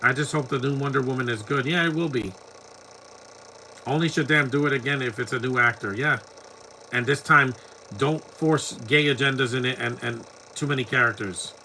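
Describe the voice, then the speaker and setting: Man, live movie commentary, casual, mocking, bright forceful voice, faint background noise. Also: medium pitch, moderate pace, pauses often. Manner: mocking, laughs often at scenes.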